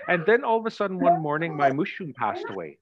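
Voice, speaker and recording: A man's voice: a little high, big pitch swings, quick pace, noisy background. Muffled male acting coach on a call. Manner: reflective, storytelling explanations. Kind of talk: coaching actors in rehearsal.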